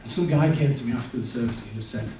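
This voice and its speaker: A man's voice: medium pitch, very fast, darkish tone, a little hiss or hum. A man giving a candid personal testimony in a church service, telling his story and acting out what he said back then. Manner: candid, storytelling, quotes his past self. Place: large echoey church hall. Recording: echoey church hall, distant mic.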